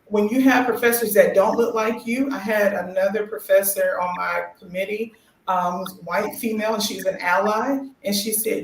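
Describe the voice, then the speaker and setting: Expressive storytelling woman, roomy sound. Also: medium pitch, moderate pace. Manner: expressive, acts out quotes, laughs. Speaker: guest, new doctorate holder. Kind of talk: casual talk-show storytelling. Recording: roomy echo with faint noise.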